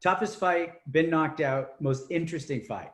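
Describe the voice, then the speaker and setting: A male interviewer with a fairly high voice reads out questions from viewers. He sounds distant, and the room around him echoes. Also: normal speed, fairly bright tone.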